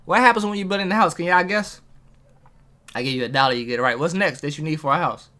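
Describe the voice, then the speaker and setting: A man giving a casual motivational talk to viewers. He uses street slang, asks them questions and gets hyped, with big jumps in pitch. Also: lively intonation, fast talker, sharp tone. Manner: talks straight to viewers, asking questions. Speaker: motivational vlogger.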